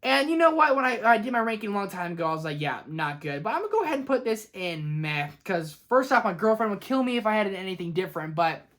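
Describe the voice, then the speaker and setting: This is a woman vlogger in a casual movie-ranking video, with a medium-pitched voice. She talks fast and opinionated, and her enthusiasm jumps up as she speaks straight to her audience. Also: very animated, fairly bright tone. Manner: enthusiastic, opinionated, chatty, talks to viewers directly.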